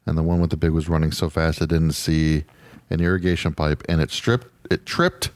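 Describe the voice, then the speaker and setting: A man's voice: rumbling low, steady tone, moderate pace, no echo. A man hosting a podcast, chatting loosely and joking as he reads out a story. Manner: loose, joking, laughs easily. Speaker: podcast host. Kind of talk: casual chat.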